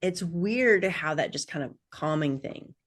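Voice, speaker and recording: A woman's voice: on the low side, expressive, unhurried. A middle-aged woman, a podcast guest, telling rambling personal stories with lots of fillers and laughs. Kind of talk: casual chat.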